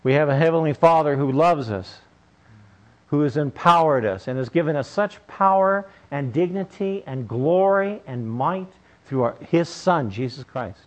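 A man's voice: on the high side, lively intonation, normal speed, poor audio. A male preacher delivering a sermon, telling a story in an emphatic way.

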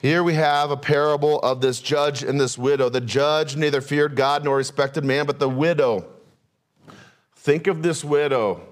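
A man pastor preaching a sermon, asking rhetorical questions and shifting his pace and pitch often. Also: fairly even intonation, normal speed.

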